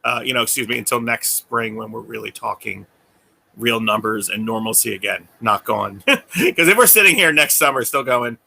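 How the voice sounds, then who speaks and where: A man's voice: lowish voice, normal speed, vocal fry, sharp tone. A man co-hosting a casual chat over a video call, telling easygoing stories and laughing along. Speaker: co-host.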